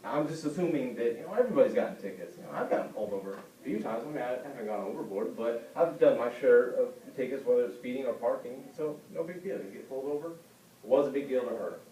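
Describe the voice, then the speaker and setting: Speaking at a quick pace, a student delivers an informal class speech in a dark, mellow voice, playing the people he quotes by jumping way up in pitch. The echoey classroom is heard from a camera at the back, with faint ambience.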